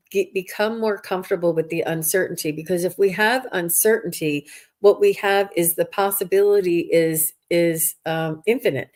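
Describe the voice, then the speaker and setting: Low-voiced woman hosting, halting and reflective. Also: a little mellow. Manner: reflective, halting with many restarts. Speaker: host. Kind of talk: casual spiritual conversation.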